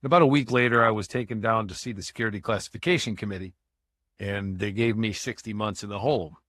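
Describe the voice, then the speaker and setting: A man's voice: fairly low pitch, quick pace, a bit bright, no echo, studio quality. A man from Michigan, a guest in a podcast interview, telling his life story in a candid, conversational way. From Michigan, USA. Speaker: guest, motivational speaker.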